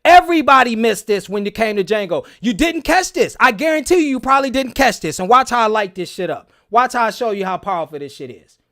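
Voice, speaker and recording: High-voiced emphatic man breaking down a film. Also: expressive, quick pace, a bit bright. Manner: emphatic, preachy, swears a lot, repeats phrases. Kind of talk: excited casual commentary.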